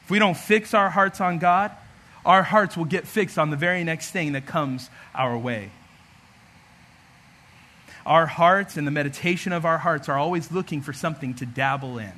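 A man preaching a sermon as pastor, animated and humorous, acting out everyday scenes. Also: high voice.

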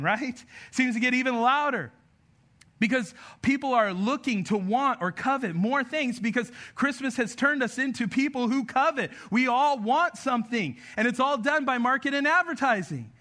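Young male pastor, very high and sharp voice, lively sermon with joking asides. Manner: energetic, joking asides about his kids. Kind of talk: conversational sermon.

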